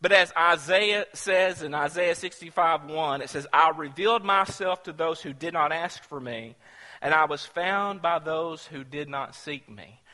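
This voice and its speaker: A man preaching in a sermon, drifting from chatty storytelling into loud, animated bursts. His voice is slightly high for a man and very bright. It rings out with a long reverb, as if from a church hall. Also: unhurried. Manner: storytelling, grows loud and animated when excited. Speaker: pastor.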